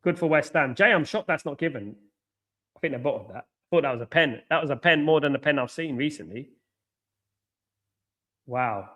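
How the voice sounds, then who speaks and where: The host of a football watchalong stream reacts to the action and names viewers as he talks in an excitable, chatty style. His voice sits a bit high, and he keeps a moderate pace with frequent pauses.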